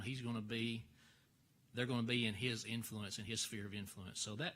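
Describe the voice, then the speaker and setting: A man teaching a church Bible class, folksy and halting, full of fillers and restarts. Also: medium pitch, pushed and bright. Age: older.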